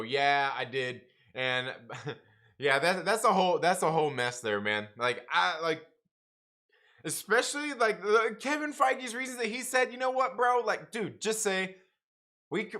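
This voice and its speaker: His mid-range voice is pushed and bright, with lively intonation and a normal pace. He hosts a comics review livestream, chatting casually with viewers, laughing a lot and addressing them as man and bro.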